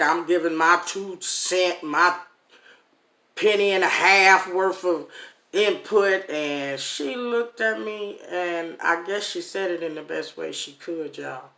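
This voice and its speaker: Slow-talking storytelling mom, echoey room. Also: female voice, fairly low pitch. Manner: animated, addresses viewers as "y'all". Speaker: vlogger telling a personal story. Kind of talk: casual storytime monologue.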